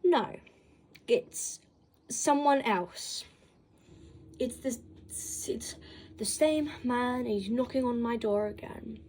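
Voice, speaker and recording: A woman's voice: a little high, slow, pauses often, slight background noise. A woman casually telling a story, rambling with lots of "like" and acting out quoted dialogue. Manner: rambling, filler-heavy with lots of "like"; animated retelling with quoted dialogue. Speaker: storytime vlogger.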